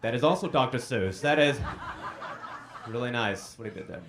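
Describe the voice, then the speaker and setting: A man's voice: mid-range voice, normal speed, background noise. A man in his forties doing a stand-up comedy set on a club stage, telling stories and acting out quotes in sudden bursts. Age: 40s. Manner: animated storytelling, acts out quotes in bursts.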